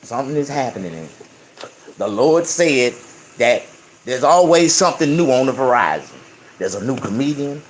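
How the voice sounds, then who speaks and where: Fifty-something guy eating on camera, loud and preachy, rambles, mid-pitched voice. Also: very animated, normal speed. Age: 50s. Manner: chews and hums with food in his mouth. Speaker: YouTube vlogger. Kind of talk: casual eating vlog.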